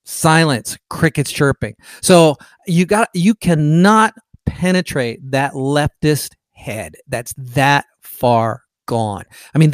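A man, sick and lying in bed, hosts a podcast in an indignant, mocking monologue. His voice sits a little high for a man, and the sound is close and dry, with no room around it. He stumbles and restarts often as he argues. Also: no echo. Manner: indignant, sarcastic, mocks opponents in quoted voices. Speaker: podcast host. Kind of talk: casual political monologue.

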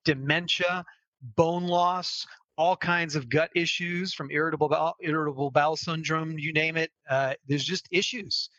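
A man's voice: fairly high pitch, fairly even intonation, normal speed, pushed and bright, no room sound, highs cut off. A man speaking as a health strategist guest on a podcast, emphatic and persuasive. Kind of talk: podcast interview talk.

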